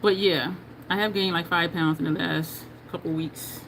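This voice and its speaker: A woman's voice: lowish voice, fairly even intonation, moderate pace, gravelly, a bit bright, slight background noise. A woman from New Jersey with a New Jersey and New York accent, chatting casually with viewers while doing her makeup on a livestream and laughing often.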